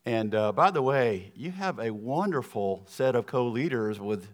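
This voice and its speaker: A man's voice: mid-range voice, animated, measured pace. A middle-aged man from the American South with a Southern accent, giving a sermon as a guest speaker in a church, folksy and earnest, telling stories with asides to the congregation. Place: church sanctuary.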